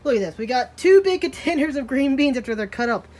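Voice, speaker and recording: A woman's voice: sits high, lively intonation, fast, a little mellow. A young woman vlogging at her rural home, chatting in a rambling way and talking to her pets. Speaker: daily vlogger. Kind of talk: casual vlog chat.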